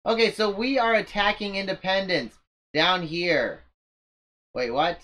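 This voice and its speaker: A man with a high, sharp-toned voice talks a little slowly while casually commenting on his strategy game. It's let's-play commentary: he rambles, pokes fun at his own moves, and often restarts sentences.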